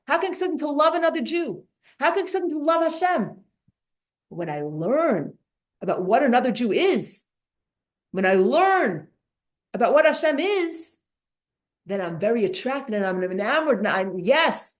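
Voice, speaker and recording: A woman teaching a Torah class, animated and restarting her sentences often. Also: high voice, normal speed. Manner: animated, many restarts and repeated words.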